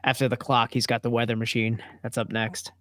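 A man's voice: medium pitch, flat delivery, brisk, a bit bright, no echo, studio quality. A man co-hosting a podcast, chatting casually over a beer, joking and rambling, with frequent laughter. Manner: jokey, rambling, laughs often. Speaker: podcast co-host.

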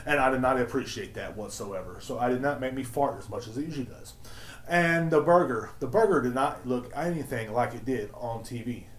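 Man mocking a prissy fast-food reviewer. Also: mid-range voice, reverberant, natural voice. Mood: mock-prim. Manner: prissy, mock-formal complaining.

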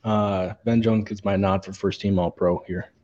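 Male podcast co-host, low-pitched, hesitant analytical chat, muffled lo-fi recording. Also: steady tone, moderate pace, a little mellow. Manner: analytical, hesitant fillers and repeats. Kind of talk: casual sports podcast chat.

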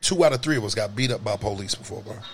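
A young adult man telling a story in casual talk, animated and profane, jumping to high shouts. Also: rapid-fire, a loud crowd. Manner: animated, profane, jumps to high shouts when acting out scenes.

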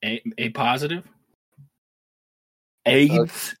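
A man's voice: mid-range voice, very slow, slightly rough. A man co-hosting a review podcast, chatting casually and laughing often. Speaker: podcast co-host. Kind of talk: casual chat.

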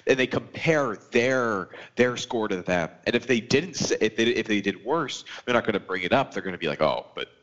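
A man's voice: fairly low pitch, expressive, moderate pace, hardly any pauses, fairly bright tone, highs cut off. A teenage boy as a podcast guest, giving his opinions in casual chat and working through examples. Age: teens.

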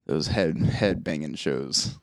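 A man's voice: very deep voice, a little slow, no room sound. A young man co-hosting a podcast, teasing his friend with crude jokes and laughter. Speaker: podcast co-host. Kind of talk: casual banter.

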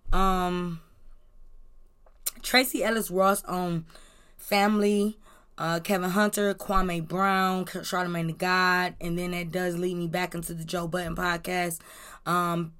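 A woman's voice: mid-range voice, a bit bright. A young woman talks her way through a celebrity gossip podcast, loose and chatty, dropping plenty of fillers between thoughts. Her voice sits in an ordinary middle range for a woman. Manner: chatty, rambling, many fillers. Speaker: podcast host.

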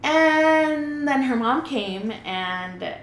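A young woman, telling stories in a loud, animated way and mixing English and Spanish in casual chat. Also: sits high, drawn-out words, roomy sound, a little hiss or hum, poor audio.

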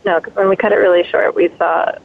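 A woman's voice: lowish voice, steady tone, fast, no echo. Chatty woman on a tinny phone line. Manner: rambling, chatty, with fillers and laughs. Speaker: caller, the host's daughter. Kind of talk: casual chat on a phone-in.

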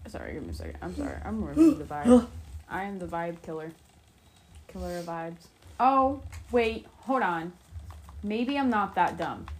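A woman's voice: lowish voice, very animated, moderate pace, a little hiss or hum. A woman co-hosting a casual podcast chat at her home computer, exasperated, swearing often and mocking herself. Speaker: podcast co-host. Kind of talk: casual chat while gaming.

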